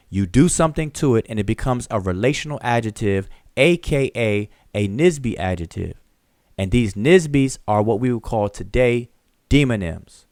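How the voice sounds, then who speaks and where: A man's voice: mid-range voice, a little mellow, dry recording. A man teaches and answers critics on a live open discussion. He is emphatic and repeats himself to drive his points home, explaining step by step with examples. His mid-range voice sounds dry and close, with no room around it. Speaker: teacher and channel host.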